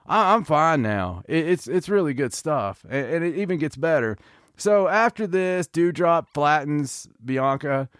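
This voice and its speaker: Man podcast host, animated ranter, voice a bit high, dry close sound. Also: measured pace, smooth, dry recording. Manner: animated, ranting, joking. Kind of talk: casual wrestling review chat.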